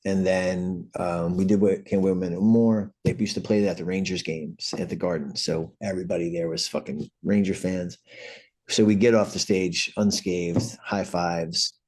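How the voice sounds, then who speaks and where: A middle-aged man from New York City, a punk singer, telling an animated backstage story with swearing and acted-out voices. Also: deep voice, normal speed. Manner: animated anecdotes, acts out quoted voices, swears freely. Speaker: guest, punk band vocalist. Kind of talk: casual storytelling.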